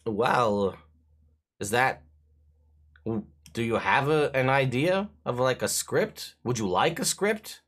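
A man voicing a boisterous male shopkeeper in a tabletop game, talking loudly and selling hard. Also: mid-range voice, animated, slow pace. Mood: chatty. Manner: loud and boisterous.

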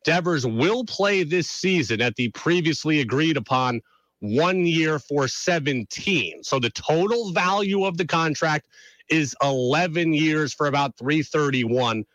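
A man hosting a sports radio show, talking through an animated, opinionated monologue with rhetorical questions. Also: mid-range voice, no echo, poor audio.

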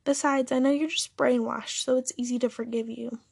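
A woman voicing a young female supervillain who talks in a dry, sarcastic, offhand way, with a husky voice. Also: a little high, fairly even intonation, fairly quick, no echo.

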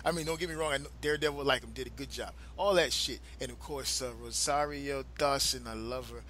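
A man hosting a casual podcast chat, loud and emphatic, swearing often and breaking into laughs. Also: mid-range voice, brisk. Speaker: podcast host.

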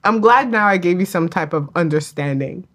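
In a casual chat about a TV drama, a woman with a lowish voice talks at a moderate pace. She's animated, often laughing, and acts out lines she quotes.

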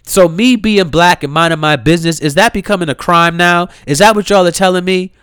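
A man's voice: high-pitched, a little fast, hardly any pauses, fairly bright tone, smooth, dry recording, clean studio sound. A man, delivering a heated, incredulous rant, swearing freely and repeating himself. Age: 30s. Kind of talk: impassioned rant to camera.

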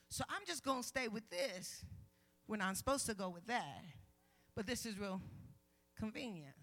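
At a women's conference, a female guest minister preaches, shifting between quiet asides and loud, shouted calls while teasing the congregation playfully. Her delivery is sing-song at normal speed, with faint music behind her.

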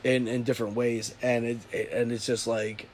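A man in casual profane chat, reacting fast, laughing and trailing off in half-finished phrases. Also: medium pitch, little pitch movement, a little hiss or hum.

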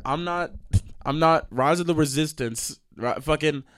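A young man hosting a podcast, ranting in a profane, animated way with sudden loud outbursts. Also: a little high, a little slow, dry recording, studio quality. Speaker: podcast host. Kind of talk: ranting monologue.

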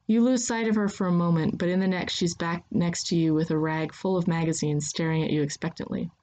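A woman giving scripted second-person story narration in an even, steady manner. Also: fairly low pitch, fairly quick.

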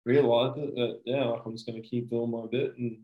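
A man's voice: medium pitch, little pitch movement, fairly quick, phone-quality sound. A man guesting on his partner's podcast, speaking supportively in casual chat. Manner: supportive, brief affirming replies. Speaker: podcast guest, host's boyfriend.

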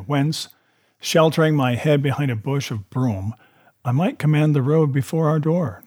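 A man reading a classic adventure novel aloud, telling it in a measured way and voicing the characters. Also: medium pitch, a little mellow, dry recording, studio quality. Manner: measured storytelling with voiced characters. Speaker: reader.

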